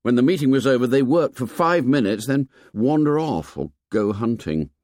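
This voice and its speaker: A man's voice: medium pitch, expressive, moderate pace, darkish tone, no echo, clean studio sound, voice pushed up, natural voice. A man doing Ralph, an exasperated boy leader. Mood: frustrated. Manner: exasperated, complaining, reasoning. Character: weary, frustrated boy leader.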